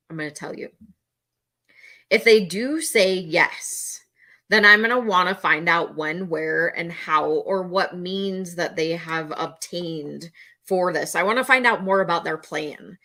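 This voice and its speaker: A middle-aged woman works as a mental health educator, giving instructional talk to camera. Her voice sits fairly low and sounds pushed and bright. She is earnest, repeats key phrases, and now and then acts out panicked voices.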